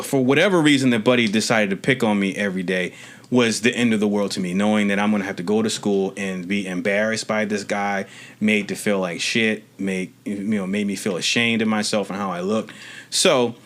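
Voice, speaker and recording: A man's voice: on the low side, normal speed, fairly bright tone. Earnest man telling a rambling story. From Maryland, USA. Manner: earnest, rambling storyteller with frequent restarts and casual swearing. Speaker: podcast co-host. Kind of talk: casual podcast chat, personal storytelling.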